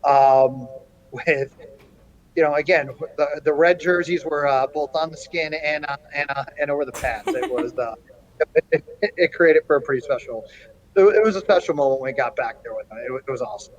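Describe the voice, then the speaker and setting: A middle-aged man, a college hockey coach, telling an animated story in an interview, with plenty of ums and restarts. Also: fairly high pitch, normal speed, lo-fi sound. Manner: animated anecdote-telling with frequent fillers.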